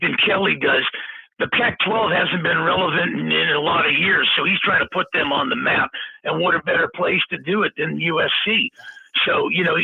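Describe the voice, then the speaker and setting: A man's voice: sits high, vocal fry, slightly rough, no room sound. A man giving blunt, opinionated takes in casual sports talk, heard over a remote call. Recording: dry, tinny phone-like line.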